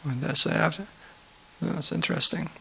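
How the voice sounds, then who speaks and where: A man's voice: a little high, slow pace, creaky, sharp tone, slightly rough. A man giving a conversational scripture class, mixing reading with joking asides and acted-out quotes. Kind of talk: sermon-style scripture class.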